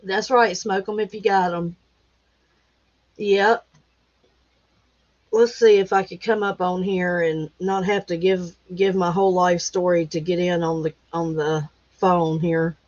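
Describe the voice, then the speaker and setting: Middle-aged woman, livestream host, chatty and affectionate, slow unhurried delivery, dry close sound on a dull phone recording. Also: lowish voice, level tone, darkish tone, no echo. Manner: chatty and affectionate, laughs often. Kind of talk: casual chat with viewers, reading comments aloud.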